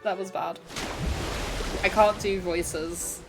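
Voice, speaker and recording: A woman's voice: fairly low pitch, steady tone, slow pace, over music, rough recording. A young woman streaming a cozy video game, chatting in a bubbly, giggly way and often poking fun at herself. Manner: giggly, bubbly, self-deprecating. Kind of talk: casual live game-streaming chat.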